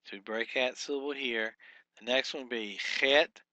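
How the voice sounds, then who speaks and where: A man teaching a workbook lesson, talking slowly and deliberately with frequent fillers and repeated words. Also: mid-range voice, bright, forceful tone, no room sound.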